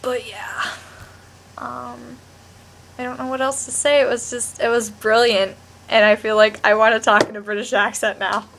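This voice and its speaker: A woman's voice: on the high side, little pitch movement, normal speed, vocal fry, fairly bright tone, slight background noise. A young woman vlogging a rambling, gushing TV review with lots of restarts. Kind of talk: casual chat to camera.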